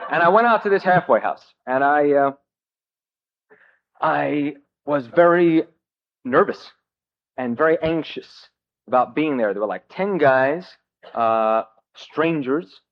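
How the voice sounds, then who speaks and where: A man shares his recovery story with a group in a wry, self-mocking way, pausing often on fillers. His voice sits a bit high for a man. The recording is a dull, muffled old cassette. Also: expressive. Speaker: speaker at a recovery meeting.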